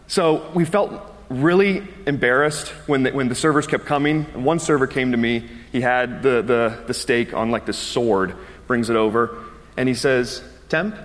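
A man's voice: medium pitch, moderate pace. Man in his thirties preaching in a hall. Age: 30s. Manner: chatty, laughs easily, many fillers. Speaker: pastor. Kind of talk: conversational sermon with personal story. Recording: long reverb of a large hall.

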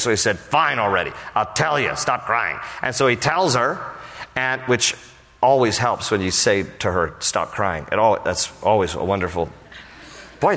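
A male pastor preaching a sermon, telling a story in a humorous, animated way. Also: mid-range voice. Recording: long reverb of a large hall.

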